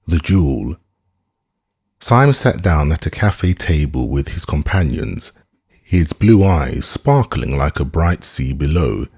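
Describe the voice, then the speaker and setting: A man reading a classic novel aloud as an audiobook narrator, in a measured, expressive storytelling voice. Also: low voice, slightly rough. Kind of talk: scripted narration.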